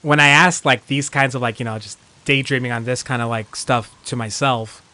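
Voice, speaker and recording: A man's voice: medium pitch, steady tone, moderate pace, bright, forceful tone. A man streaming a video game and chatting casually, rambling through thoughts with lots of filler words and reacting jumpily to surprises. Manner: rambling, heavy use of "like" fillers. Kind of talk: casual gameplay commentary.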